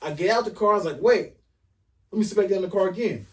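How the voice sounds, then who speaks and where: A man casually telling an animated, profane story on a podcast, acting out the dialogue as he goes. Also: high-pitched, rapid-fire. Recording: voice a bit far from the mic.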